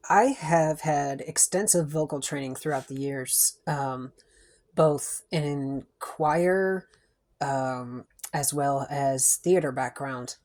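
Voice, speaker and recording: A woman's voice: deep voice, slow pace, a little mellow. A young woman with a sore throat telling a story in a chatty, playful way, with lots of fillers. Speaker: vlogger. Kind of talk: casual storytelling to camera.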